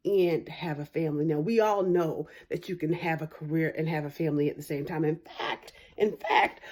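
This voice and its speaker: Low, mellow-voiced woman arguing her case. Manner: argumentative, frequent tag "right?"; acts out quoted voices with big pitch jumps. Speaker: lawyer commentator. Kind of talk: opinion commentary to camera.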